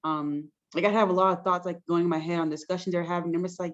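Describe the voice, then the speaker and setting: A woman's voice: lowish voice, steady tone, fast, lo-fi sound. A woman pharmacist giving frank, chatty career advice as a guest on a video call, full of likes and ums. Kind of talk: casual advice-giving interview.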